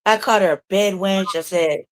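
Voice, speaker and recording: Chatting casually from home as co-host of a news talk show, a woman swears freely and laughs often while telling her stories. She speaks fairly quickly in a medium-pitched, steady voice with no room sound.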